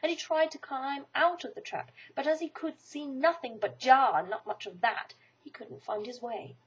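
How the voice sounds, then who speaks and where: A woman reading a children's storybook aloud in an expressive, animated way. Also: high-pitched, moderate pace, slightly rough. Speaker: storybook reader. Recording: dull lo-fi recording.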